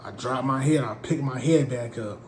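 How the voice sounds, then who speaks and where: A man from Portland telling a comic story in an animated, slangy way. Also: medium pitch, moderate pace, slight background noise. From Portland, USA. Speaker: comedic storyteller. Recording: roomy with faint ambience.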